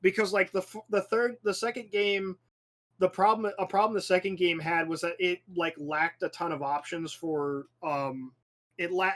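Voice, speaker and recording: Rambling, profane young man, bright voice. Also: fairly high pitch. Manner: rambling, profane, restarts often; animated storytelling with acted-out asides. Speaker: podcast host. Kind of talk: casual chat.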